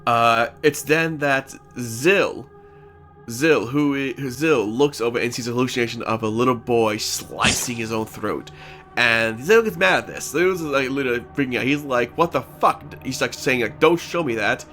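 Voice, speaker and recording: A man's voice: mid-range voice, normal speed, sharp tone, faint music behind. A man casually recapping a tabletop role-playing session, rambling with frequent restarts and playful sound effects. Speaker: player recapping a tabletop campaign.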